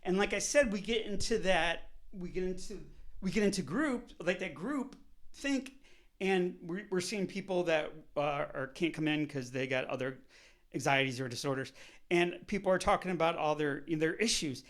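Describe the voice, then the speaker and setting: A man vlogging, telling a personal story in a casual, animated way, swearing often and swinging between loud outbursts and soft asides. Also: high-pitched, normal speed.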